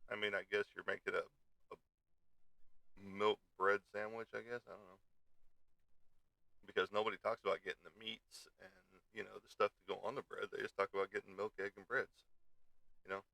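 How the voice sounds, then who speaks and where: A man with a gravelly, bright voice hosts a casual live stream from his home desk. He grumbles and swears as his computer keeps failing him. The sound is close and dry on a desk microphone. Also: lowish voice, level tone, a little fast, pauses often, no room sound. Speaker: show host.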